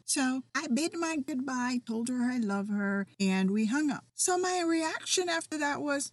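A woman's voice: high-pitched, expressive, measured pace, few pauses, no echo. Feisty, emphatic middle-aged woman podcaster. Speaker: podcast host. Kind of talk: personal podcast monologue.

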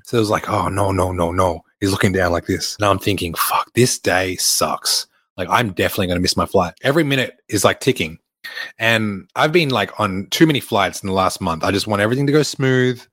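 This podcast host, a young online fitness coach, delivers a loose solo monologue from an airport, full of swearing and filler words. He speaks in a lowish, slightly bright voice, and the recording is dry.

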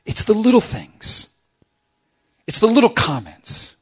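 A middle-aged man preaching a sermon to a church congregation, humorous and animated, acting out quoted voices. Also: high voice, a little slow, husky. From South Florida. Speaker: pastor.

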